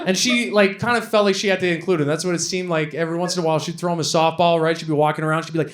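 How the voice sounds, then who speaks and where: A young man from Canada doing a stand-up comedy set, rambling and halting with lots of fillers. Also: fairly high pitch, steady tone. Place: comedy venue with a laughing audience.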